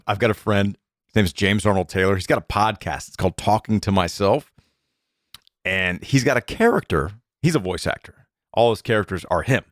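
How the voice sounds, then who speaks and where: A man's voice: on the low side, brisk, no room sound. A man in his thirties co-hosting a casual podcast from a home studio, joking around and rambling with fillers. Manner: playful, jokey, rambling with fillers. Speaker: podcast co-host. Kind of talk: casual chat.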